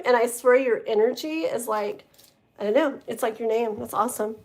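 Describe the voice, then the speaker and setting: A woman with a slightly high voice runs a casual live tarot stream. She talks in a chatty, rambling way and reads card meanings aloud. Her voice sounds tired and strained. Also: normal speed, darkish tone. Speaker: tarot reader. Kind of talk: casual livestream chat and card reading.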